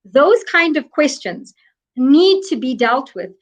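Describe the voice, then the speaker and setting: A woman's voice: high-pitched, big pitch swings, slow. A woman from Africa, speaking as a guest expert in an interview, explaining earnestly and stressing her points with repetition. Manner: emphatic, earnest, repeats key points.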